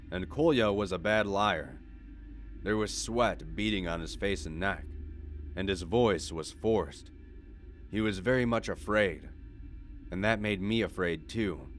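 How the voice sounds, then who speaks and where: A man reading a horror story aloud as its narrator, in a measured, steady delivery. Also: deep voice. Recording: faint background music.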